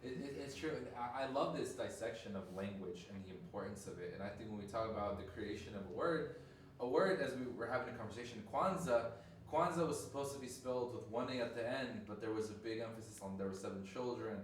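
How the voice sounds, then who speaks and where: A man's voice: mid-range voice, fast, recorded from a distance. Guy asking the questions from across the room, lots of echo, faint background hum, trips over his first words. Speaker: interviewer. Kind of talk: casual interview questions. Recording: roomy echo, off-mic, faint ambience.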